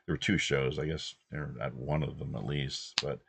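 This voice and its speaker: A man in his fifties from British Columbia, hosting and rambling through a relaxed anecdote. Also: a bass voice, moderate pace, creaky, noisy background. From British Columbia, Canada. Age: 50s. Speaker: host. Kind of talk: casual anecdotal chat.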